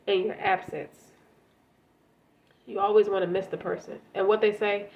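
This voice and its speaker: A tarot reader with a mid-range voice, stuffy and congested from a cold, chats casually as she reads the cards. She speaks right to the listener and tends to repeat words, all captured in lo-fi sound.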